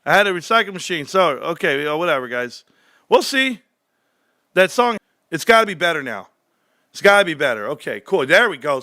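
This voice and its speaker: A man hosting a livestream, ranting brashly and cursing, swinging from low muttering to shouting excitement. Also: fairly quick, no room sound, studio quality. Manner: profane, brash. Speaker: livestream host. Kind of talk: casual livestream rant.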